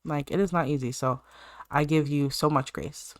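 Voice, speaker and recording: A woman's voice: low voice, steady tone, moderate pace, no echo. Chatty woman narrating her life-sim game. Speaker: gaming channel host. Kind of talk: let's-play commentary.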